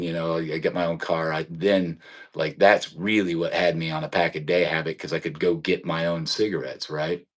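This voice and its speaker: A man in his forties hosting a livestream, telling rambling personal stories in casual chat and laughing often. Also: sits low. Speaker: livestream host.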